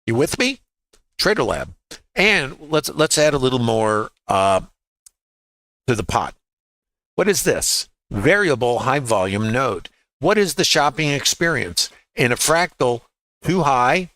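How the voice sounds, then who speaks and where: A man's voice: mid-range voice, very animated, unhurried, fairly bright tone, no echo, low-quality recording. A man walking through live trading charts as a trading educator, emphatic, repeating key words and asking rhetorical questions.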